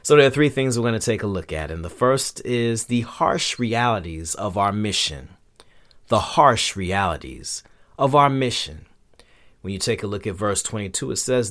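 A man's voice: mid-range voice, expressive, normal speed, fairly bright tone. A man hosting a show, giving a casual, conversational Bible lesson in colloquial slang and acting out quotes. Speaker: podcast host and Bible teacher.

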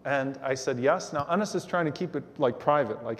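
A man giving a religious lecture, telling a story in an animated way and acting out the voices of the people in it. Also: mid-range voice, a little fast, in a large hall. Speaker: Islamic lecturer.

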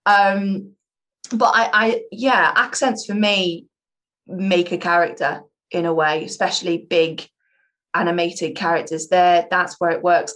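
A woman's voice: on the low side, fairly bright tone. Chatty self-mocking improv performer woman. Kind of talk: casual interview chat.

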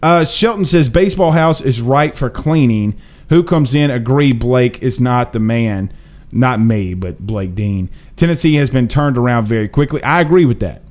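A man hosting a live sports talk show, reading viewer comments in an emphatic, animated, slangy way. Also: medium pitch, normal speed. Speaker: host.

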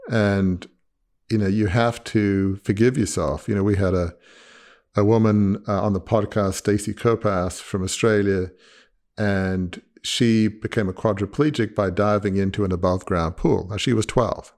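Earnest low-voiced male podcast host. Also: steady tone, a little slow, darkish tone. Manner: earnest, emphatic, repeats key points. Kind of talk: conversational interview.

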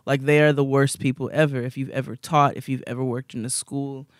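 A young man, a podcast co-host, telling rambling, animated stories in casual chat and laughing often. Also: medium pitch, a little fast, no echo, clean studio sound.

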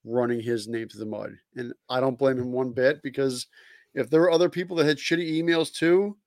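A man's voice: mid-range voice, steady tone, brisk, a little mellow, dry recording. A man co-hosting a casual sports podcast, blunt and profane, laughing at his own points. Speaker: podcast co-host.

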